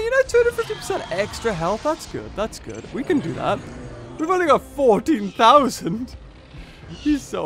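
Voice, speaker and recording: A young man commentating on a mobile game he is playing, thinking aloud through each move and exclaiming at big hits. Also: sits high. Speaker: gaming channel host. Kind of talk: let's play commentary.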